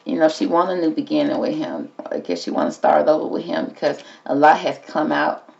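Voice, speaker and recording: A woman's voice: low-pitched, very animated, a little fast, vocal fry, darkish tone, dull audio. A woman hosting a casual tarot reading, talking to the cards and calling everyone "girl". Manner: chatty, talks to the cards and calls everyone girl. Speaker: tarot reader host.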